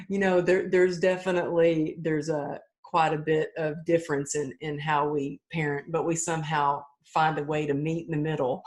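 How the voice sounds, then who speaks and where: A woman's voice: deep voice, little pitch movement, moderate pace, few pauses, a little mellow. A middle-aged woman, a podcast guest, telling her story candidly and earnestly, often restarting her sentences. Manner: earnest and open, with frequent restarts and acted-out quotes.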